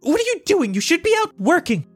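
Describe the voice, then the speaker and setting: A man voicing a fussy, indignant small-town mayor in a high, exasperated voice. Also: wildly swooping pitch, fairly quick, faint music behind, full character voice.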